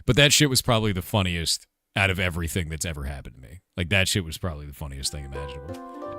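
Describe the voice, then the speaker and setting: Laid-back low-voiced man chatting on stream. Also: lively intonation, fairly quick, sharp tone, faint music behind. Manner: rambling, laughs often, swears casually. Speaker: streamer and game developer. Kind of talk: casual livestream chat.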